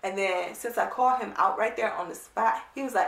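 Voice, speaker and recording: A woman vlogger telling a casual storytime, animated, blunt and emphatic. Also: medium pitch, fairly quick, gravelly, few pauses. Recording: roomy, distant mic.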